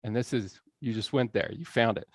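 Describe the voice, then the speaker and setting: A man's voice: mid-range voice, brisk, dry recording, clean studio sound. A man giving a live college lecture on language learning, quizzing the audience and laughing often. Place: lecture hall.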